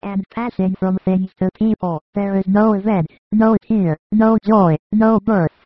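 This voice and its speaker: A reader voicing a gentle, devout young male disciple who recites in a steady, reverent way in a dramatized audiobook. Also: medium pitch, unhurried, no echo, highs cut off, close to an everyday voice.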